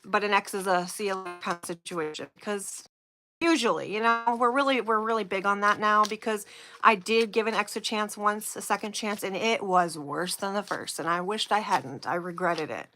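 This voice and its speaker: A woman hosting a casual live stream, chatting and giggling with viewers while slowly reading out oracle card phrases. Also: medium pitch, pushed and bright, soft background music.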